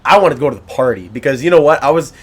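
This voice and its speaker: A young man co-hosting a podcast in casual chat, telling stories in a lively way and laughing along. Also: medium pitch, very fast, breathy edge. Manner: animated, laughing storyteller. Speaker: podcast co-host.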